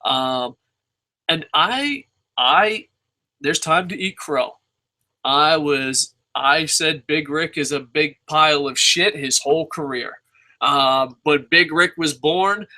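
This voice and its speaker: A young man with a slightly high, bright and forceful voice tears through a wrestling review in a loose, rambling rant. He swears constantly, jumps between tangents and mocks himself as he goes. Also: a little slow. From New Jersey. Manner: excitable, rambling, heavy swearing, self-mocking. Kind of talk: casual profane review rant.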